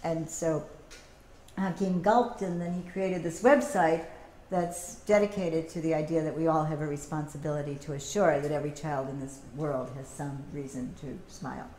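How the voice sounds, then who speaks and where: A woman's voice: low voice, normal speed. Echoey middle-aged woman telling stories. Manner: anecdotal, animated, acts out quoted voices. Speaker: activist giving a teach-in. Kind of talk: public talk with storytelling. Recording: echoey room, faint background noise.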